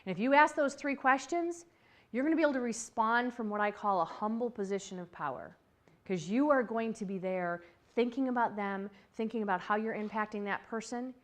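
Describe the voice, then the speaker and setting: Lively woman giving a motivational talk. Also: fairly high pitch, fairly quick. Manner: lively, chatty, laughs easily and acts out quoted voices. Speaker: speaker on workplace communication.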